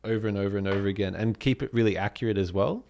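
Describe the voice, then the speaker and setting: Laid-back Australian man, lowish voice. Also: very fast, gravelly, darkish tone. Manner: meandering, thinking aloud with many ums. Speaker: podcast co-host. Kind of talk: casual chat about music.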